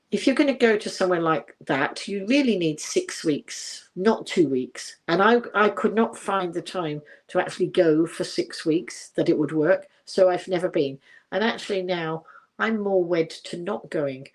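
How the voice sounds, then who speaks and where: An older woman talks casually to her livestream viewers, pitched a little low. She rambles, restarts her sentences and reads out comments as they come in. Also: lively intonation, a little slow. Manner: rambling and chatty, many fillers and restarts. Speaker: livestream host.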